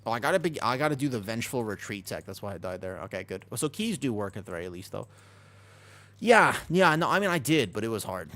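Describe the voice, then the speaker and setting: Male streamer, casual chat, animated pitch, excitable and talkative. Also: fast talker, few pauses. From United States. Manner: excitable, chatty, reacts to chat. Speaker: game streamer.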